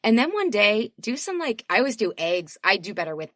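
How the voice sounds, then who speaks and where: A woman in her thirties, a guest on a podcast, talking in a lively casual way, laughing often and acting out little quotes. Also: medium pitch, a little fast, no room sound, clean studio sound. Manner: animated, laughs often, acts out voices in quotes. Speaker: podcast guest, health coach. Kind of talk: casual chat.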